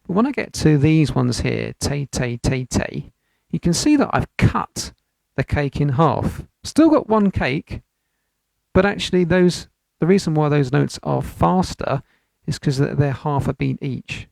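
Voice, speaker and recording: A man's voice: a little high, big pitch swings, measured pace, vocal fry, a little mellow, no echo. A man from the United Kingdom teaching an online piano lesson, explaining patiently step by step and chanting rhythm syllables over the piano. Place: home studio. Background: piano playing.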